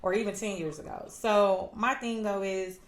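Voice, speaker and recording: A woman's voice: mid-range voice, moderate pace. A young adult woman hosting a podcast, chatting casually and animatedly, acting out her daughter's lines. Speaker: podcast host. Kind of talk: casual chat. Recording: echoey room.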